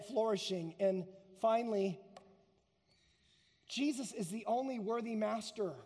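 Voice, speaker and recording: A man preaching a sermon as pastor, emphatic, slowing down and speeding up for effect. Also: very high voice. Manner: emphatic, varies pace and loudness for effect. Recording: long hall reverb.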